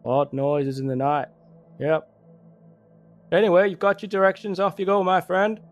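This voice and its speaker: A man's voice: sits high, steady tone, moderate pace, lo-fi sound, soft background music, lightly acted. A man playing a chatty rural local who rambles and stammers as he gives directions. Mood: gossipy. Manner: rambling, stammering, full of restarts.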